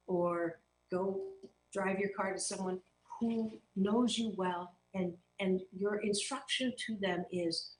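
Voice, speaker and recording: A woman's voice: mid-range voice, roomy sound, slight background noise, rough recording. A woman hosting a motivational talk show as a happiness coach, speaking earnestly and emphatically, with playful stand-ins for swear words.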